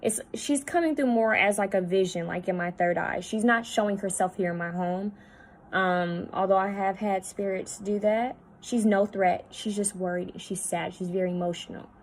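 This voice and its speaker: A woman psychic medium talking at home, relaying messages in a halting, repetitive way that often drops to a hushed voice. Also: medium pitch, slight background noise, poor audio. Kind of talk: spirit-channeling video monologue.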